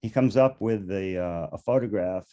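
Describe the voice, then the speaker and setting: A man's voice: low voice, normal speed, warm tone. An older man, a beekeeper and interview guest, telling stories casually in a rambling way, chuckling now and then and often restarting his sentences. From United States.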